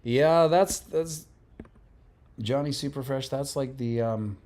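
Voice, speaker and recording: A man hosting a livestream, reading viewer comments in a relaxed, rambling casual chat. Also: mid-range voice, takes it slowly. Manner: relaxed, rambling, laughs often. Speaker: livestream host.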